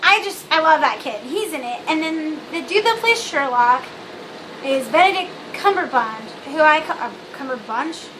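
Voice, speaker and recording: A woman's voice: sits high, animated, normal speed. A young woman talking casually in a vlog, bubbly and blunt, rambling with lots of fillers like a Valley girl. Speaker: vlogger. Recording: noisy home recording.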